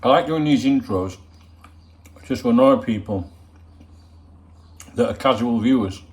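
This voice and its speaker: A man's voice: mid-range voice, unhurried. Swearing, joking man vlogging at home. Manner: chatty and joking, swears freely. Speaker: football channel host. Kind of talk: casual rambling vlog chat.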